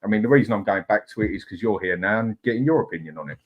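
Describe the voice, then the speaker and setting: Measured man, lower voice. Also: animated, slightly rough, dull audio. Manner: measured, reasoning, chatty. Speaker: host. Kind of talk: casual debate chat.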